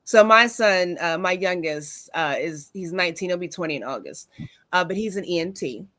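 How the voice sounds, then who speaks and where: A woman's voice: fairly low pitch, lively intonation, moderate pace, dry recording. Dry-sounding woman host telling stories. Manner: warm storytelling with many fillers. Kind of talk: casual talk show chat.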